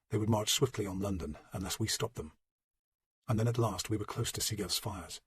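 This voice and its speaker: A man reading a historical novel as a first-person audiobook narration, measured and low-voiced. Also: breathy edge.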